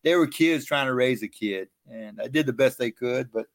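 A man's voice: mid-range voice, moderate pace, no room sound. Self-mocking male storyteller, dry close mic. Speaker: guest. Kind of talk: storytelling interview.

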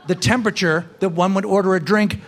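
A man doing a stand-up set, profane and ranting, building his bits up to shouted outbursts before a live audience. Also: sits high, steady tone, a little fast. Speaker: stand-up comedian.

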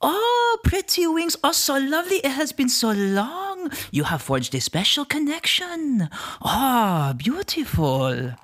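Man doing an ancient tree spirit: high, bright, airy, gushing with curiosity. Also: huge pitch swings, takes it slowly, heavily acted. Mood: enchanted.

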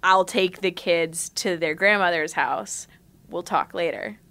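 A woman's voice: on the low side, a little slow, vocal fry, bright, forceful tone, exaggerated voice. A woman playing a chipper middle-aged man in denial about his separation, talking in a forced sing-songy cheer in an improvised comedy sketch. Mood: rambling.

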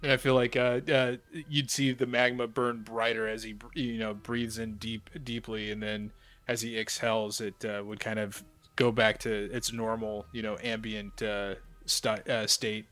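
A man's voice: fairly low pitch, little pitch movement, normal speed, fairly bright tone, soft background music. A man playing a tabletop game, describing his character's actions in a hesitant, thinking-aloud way.

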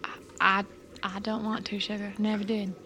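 Motherly adventurer played by a woman, soft and soothing, bright, a touch high. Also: animated, slow pace, a little hiss or hum, heavily acted. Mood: gentle.

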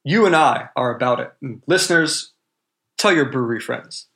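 A man's voice: medium pitch, animated, moderate pace, creaky, fairly bright tone. A man hosting a casual podcast chat, rambling with many ums and likes. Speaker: podcast host.

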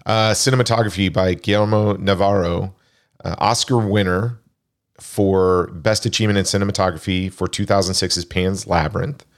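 A man hosts a casual movie podcast, reading through a film's crew credits in a chatty way full of fillers. His voice is low and steady, at a moderate pace.

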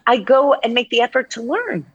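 A woman in her fifties talking in a casual podcast chat, animated and rambling with frequent restarts. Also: fairly high pitch, fairly quick, breathy edge, no echo, highs cut off. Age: 50s. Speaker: guest.

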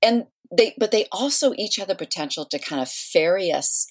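A middle-aged woman who is a guest author on a podcast interview, speaking in a thoughtful, measured way. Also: mid-range voice, animated. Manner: thoughtful, measured, with soft laughs.

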